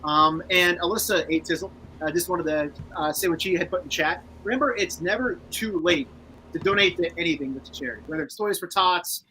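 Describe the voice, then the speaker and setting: A man's voice: sits high, fairly quick, pushed and bright, slight background noise, rough recording. A man co-hosting a casual podcast in an easygoing way. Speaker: podcast co-host. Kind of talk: casual chat.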